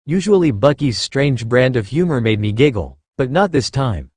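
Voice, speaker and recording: A man narrating a first-person fan fiction story in an expressive reading style. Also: medium pitch, moderate pace, breathy edge, no echo.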